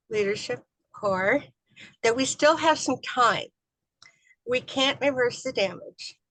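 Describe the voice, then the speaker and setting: A woman co-hosting an interview show, reading a prepared introduction in a measured, earnest way. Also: mid-range voice, a bit bright, no room sound, low-quality recording. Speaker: co-host.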